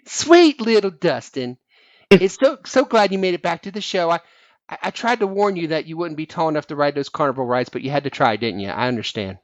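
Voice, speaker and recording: A man's voice: on the high side, expressive, brisk, no echo, natural voice. A man doing a pompous self-appointed reverend. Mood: patronizing. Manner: sing-song preachy, sly insults wrapped in blessings. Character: self-appointed preacher man, mock-holy, condescending. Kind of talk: comic preacher impression on a fan podcast.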